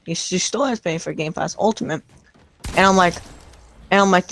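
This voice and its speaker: A young man casually telling a rambling, excited story over game voice chat, full of restarts and retold back-and-forth. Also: sits high, normal speed, pauses often, slight background noise. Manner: rambling, excited retelling with many restarts and "I'm like".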